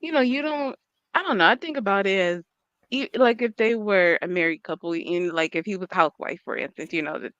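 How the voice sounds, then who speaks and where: A woman's voice: mid-range voice, animated, fairly quick, a bit bright, smooth, dry recording. A woman co-hosting a casual commentary stream, rambling and hesitant with many fillers. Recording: dull lo-fi stream audio.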